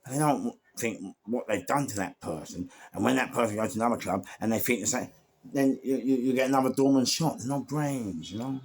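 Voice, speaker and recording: A man with a medium-pitched, gravelly, husky voice speaks briskly on a podcast, casually telling stories from his years as a doorman. A former doorman and security firm owner, he rambles with lots of fillers and repeated words.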